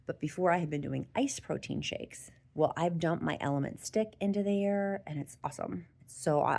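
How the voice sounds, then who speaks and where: A middle-aged woman talks straight to her viewers in a loose, chatty vlog. Her voice sits low, with a gravelly fry running through it. She sounds open and emotional. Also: a little mellow. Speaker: vlogger. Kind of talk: casual talk to camera.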